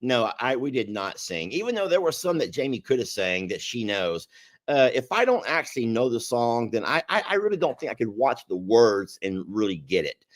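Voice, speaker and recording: Lively, storytelling male co-host. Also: moderate pace. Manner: animated storyteller, pitch jumping up when excited. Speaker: podcast co-host. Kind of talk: casual chat.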